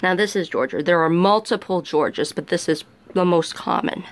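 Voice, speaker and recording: A man's voice: sits high, moderate pace. Rambling, chatty male vlogger at home. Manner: chatty, rambling, with self-corrections. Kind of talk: casual show-and-tell vlog. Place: bedroom at home.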